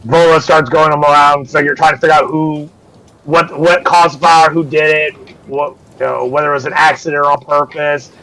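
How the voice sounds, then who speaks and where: A man's voice: on the high side, steady tone, normal speed, sharp tone, rough recording. Casual swearing game master, man. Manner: casual, swears freely, acts out crew voices. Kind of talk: narrating a tabletop game.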